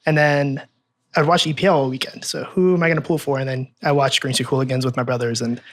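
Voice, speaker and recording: A man's voice: mid-range voice, steady tone, fast. A man in his twenties, a guest in an in-person interview, chatty, easygoing and self-deprecating. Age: 20s. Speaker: interview guest, research analyst and columnist. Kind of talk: casual interview chat. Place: in-person recording at a table in a room.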